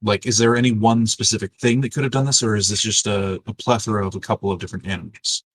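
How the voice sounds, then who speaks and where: A man's voice: on the low side, steady tone, fast, husky, rough recording. A man playing a tabletop game, asking hesitant, searching questions. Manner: inquisitive, hesitant. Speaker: player. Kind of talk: casual tabletop play.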